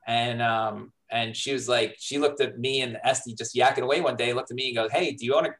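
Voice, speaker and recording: Chatty New comedian telling stories. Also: male voice, mid-range voice, brisk, poor audio. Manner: animated, acts out quoted dialogue. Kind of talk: casual storytelling in a podcast interview.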